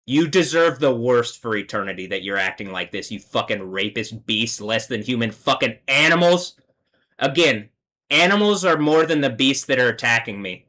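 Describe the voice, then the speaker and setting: A man rants on his own livestream in a heated, profane tirade that keeps circling back to the same insults. His voice is forceful and bright, pushing hard through each line. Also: mid-range voice, expressive, normal speed. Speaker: livestream host. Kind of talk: angry livestream rant.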